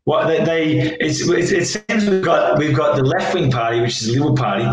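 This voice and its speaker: A young Australian man, a guest in a casual political chat, rambling excitably and swearing. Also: fairly high pitch, brisk. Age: young adult. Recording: very echoey room.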